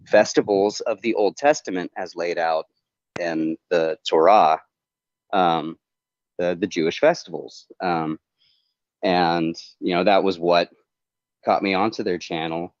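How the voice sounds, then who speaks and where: A man talking earnestly and casually on a livestream call, halting and rambling with many restarts. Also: low voice, fairly even intonation, no echo. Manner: earnest, confessional. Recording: dull, dry lo-fi call audio.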